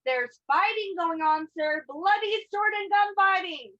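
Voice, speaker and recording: A woman acting an excitable, breathless young maidservant in a live online play. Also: measured pace, full character voice. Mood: frantic. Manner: breathless, excitable, shrill alarm. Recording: dull lo-fi video call audio.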